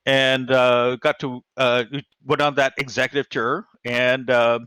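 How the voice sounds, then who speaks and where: Lively, bright-voiced man telling a story. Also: medium pitch, unhurried, clear, resonant tone, dry recording. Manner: lively, excitable, with frequent fillers and restarts. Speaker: guest. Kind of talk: animated personal storytelling.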